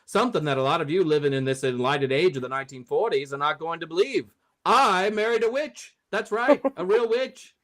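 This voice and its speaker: A man's voice: on the high side, expressive, brisk, fairly bright tone, pitched above the performer's own voice. A man doing a pompous 1940s governor. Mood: boastful. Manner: old-timey mid-Atlantic announcer delivery. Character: pompous 1940s male governor, smug and boastful. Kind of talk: comic monologue.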